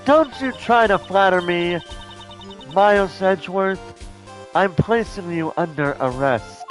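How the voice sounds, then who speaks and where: A man's voice: a little high, expressive, measured pace, soft background music. A man voicing a proud, severe young female prosecutor in a raised, imperious, scolding tone while reading a game script.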